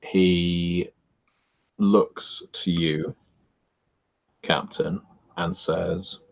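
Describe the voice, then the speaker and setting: A man narrating a tabletop horror game as game master in a measured, descriptive way. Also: low voice, little pitch movement, gravelly, highs cut off.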